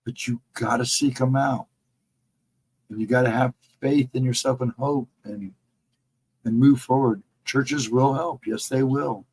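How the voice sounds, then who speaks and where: Husky middle-aged male co-host, earnest and reassuring, casual live chat. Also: mid-range voice, steady tone, measured pace, pauses often, darkish tone, rough recording. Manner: earnest, encouraging, repeats advice. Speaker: livestream co-host.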